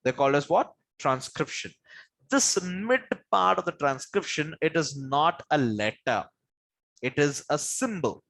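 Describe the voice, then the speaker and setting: A man teaching pronunciation in a classroom lecture. He asks his own questions, answers them himself and spells out letters slowly. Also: fairly high pitch, lively intonation, vocal fry, fairly bright tone. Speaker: English teacher.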